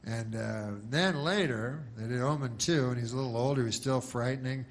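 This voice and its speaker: A middle-aged male comedian telling a rambling, deadpan comedic story, meandering with many fillers. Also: mid-range voice, a little fast.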